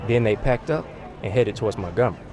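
Fast-talking male news reporter. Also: on the low side, expressive, crowd noise. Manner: brisk, scripted narration.

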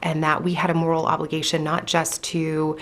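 Deep, gravelly woman speaking earnestly. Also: monotone, normal speed, fairly bright tone. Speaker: chaplain and congressional candidate. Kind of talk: interview clip.

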